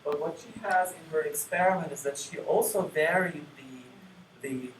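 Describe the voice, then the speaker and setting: A man delivers an academic lecture in a measured, explanatory way, pausing on fillers and asking the room if they follow. His voice sits back from the mic in an echoey hall. A steady hiss of noise runs under the live-stream recording. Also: fairly high pitch. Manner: measured, explanatory, frequent fillers and checks with the audience. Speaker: conference plenary speaker. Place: conference hall. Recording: roomy distant live-stream audio with noise.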